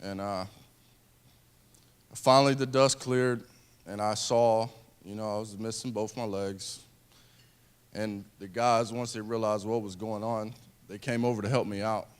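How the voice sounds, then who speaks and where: A man in his thirties, a wounded veteran, giving an earnest personal speech to an audience, speaking haltingly with restarts. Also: fairly low pitch, steady tone, clear, resonant tone.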